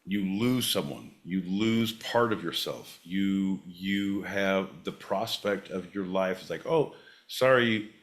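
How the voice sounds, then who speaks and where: A man with a slightly low voice, co-hosting a podcast in loose, profane banter. He talks with big energy and slips into little acted-out rants. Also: slow, hardly any pauses. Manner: profane, animated, acts out rants in character. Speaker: podcast co-host.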